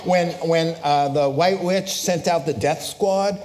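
A middle-aged pastor delivers a sermon with a fairly high-pitched voice. He tells a story with lively animation, acting out voices, then settles into solemn preaching. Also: slow pace.

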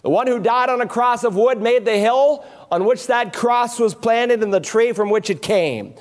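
A man's voice: extremely high pitch, moderate pace. A man preaching a sermon from a church pulpit, emphatic and building his points in threes and with rhetorical questions. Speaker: pastor.

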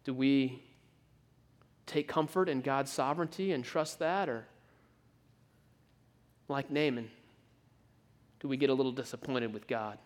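A man preaching a sermon, telling the story in an animated way with frequent stammered restarts. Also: mid-range voice, unhurried, pauses often.

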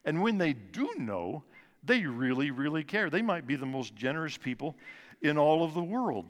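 A man in his sixties giving an earnest personal testimony at a church service, slowing and dropping his voice soft for emphasis. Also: a little high, big pitch swings. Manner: earnest storytelling, slows and drops soft for emphasis. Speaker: guest speaker at church service. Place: church sanctuary. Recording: long reverb of a large church hall.

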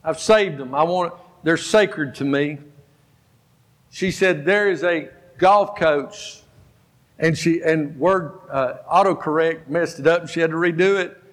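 A pastor in his fifties preaching a sermon, telling stories and exhorting his congregation with animated energy. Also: on the high side, a little slow. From Georgia, US. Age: 50s. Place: church sanctuary. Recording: long reverb of a church hall.

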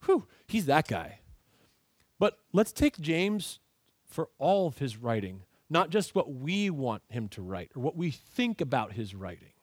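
Male pastor, slightly higher voice, expository sermon with rhetorical questions, dry close mic. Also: sing-song, a little slow, husky, dry recording.

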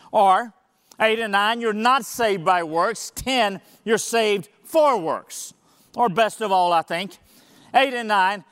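A man's voice: sits high, a bit bright, smooth. A man preaching a sermon as pastor, reading scripture and pressing his point with emphatic rhetorical questions. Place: church sanctuary. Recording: long reverb of a church hall.

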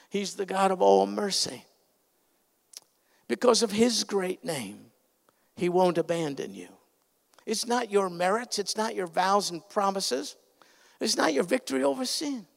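A man preaching a sermon as pastor, earnest and emphatic, his voice swelling loud on key points. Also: high-pitched, vocal fry. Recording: reverberant hall sound.

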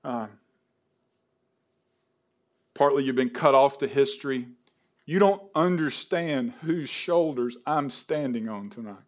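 At a camp service, a man preaches a sermon in a mid-range voice at normal speed, questioning the audience. He swings from fervent peaks to quiet pleading, audibly emotional.

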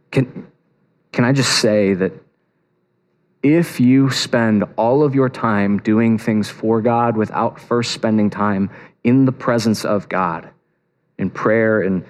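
A man giving a sermon in a casual, conversational way, retelling a story with lively, animated touches and frequent restarts. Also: lowish voice, takes it slowly. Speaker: preacher. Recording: long reverb of a large hall.

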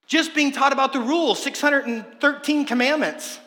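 High, bright-voiced preacher in an echoing hall. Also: male voice, fast, hardly any pauses. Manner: passionate preaching, rising and dropping in loudness. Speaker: pastor. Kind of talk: sermon. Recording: echoey hall reverb.

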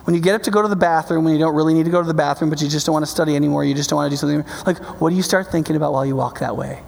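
High, gravelly-voiced preacher man. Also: fairly even intonation, very fast. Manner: emphatic, conversational, checks in with "okay?"; builds to passionate, loud climaxes. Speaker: pastor. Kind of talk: sermon. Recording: long reverb of a large hall.

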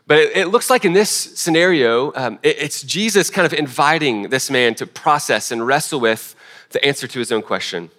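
A man delivering a sermon to a congregation, his voice bright and forward. He talks in a loose, chatty way, with restarts and fillers and self-deprecating asides, at a middling pitch. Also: animated, normal speed. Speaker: pastor.

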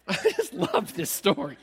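A man preaching a sermon in a church hall, telling a story with humor and acting out the characters. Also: high voice. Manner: animated storytelling, acts out characters, jokey. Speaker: pastor.

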